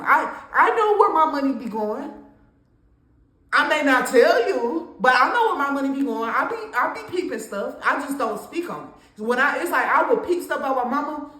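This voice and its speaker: A woman's voice: on the high side, a bit bright, echoey room. Candid young woman telling a story. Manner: candid, conversational, with laughs and slang. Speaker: storytime vlogger. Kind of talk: casual storytime monologue.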